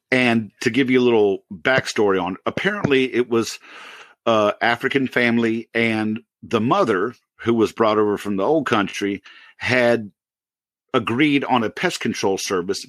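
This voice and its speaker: A man in his forties on a podcast, casually telling a workplace story with lively laughs and put-on voices. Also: lowish voice, unhurried, dry recording. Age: 40s. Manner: animated storyteller, loud impressions and laughter. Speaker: podcast co-host.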